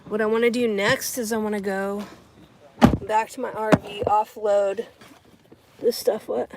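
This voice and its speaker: Between rideshare shifts, this woman narrates a casual errand vlog, addressing viewers and herself along the way. She speaks at a measured pace in a flat, medium-pitched voice over a noisy background.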